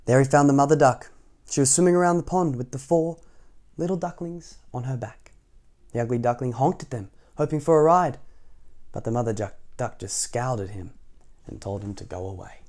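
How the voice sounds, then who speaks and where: A man reads a children's picture book aloud at a relaxed, everyday pace. His voice is warm and mellow, and he keeps breaking off the story for gentle asides to young listeners. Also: medium pitch, fairly quick. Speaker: storytime reader.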